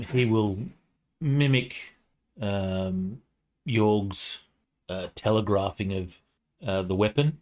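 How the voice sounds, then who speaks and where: Deep-voiced male player. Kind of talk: casual tabletop play.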